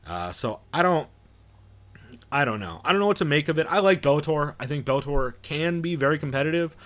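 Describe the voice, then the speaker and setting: A man's voice: on the high side, lively intonation, fairly quick, fairly bright tone. A man co-hosting a casual fight-sports podcast, talking bluntly with frequent swearing and restarts. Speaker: podcast co-host.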